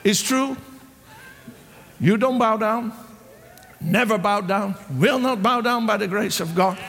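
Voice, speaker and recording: Preacher guy, high gravelly voice, stumbles and repeats a lot, big hall echo. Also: slow, faint music behind. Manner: animated, repeats himself, restarts often. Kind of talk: sermon storytelling.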